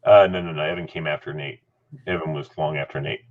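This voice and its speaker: A man's voice: extremely low pitch, fast, lo-fi sound. A middle-aged man hosting a casual chat, telling a story with lots of laughter and acted-out voices. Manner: animated, laughing, acts out voices. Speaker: host.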